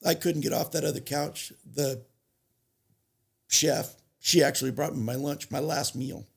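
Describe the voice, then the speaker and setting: A man telling his recovery story as a podcast guest, halting and restarting as he goes, plainly moved as he recalls it. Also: on the high side, vocal fry, slightly rough. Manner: halting, restarts and self-corrections, emotional retelling. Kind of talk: personal storytelling.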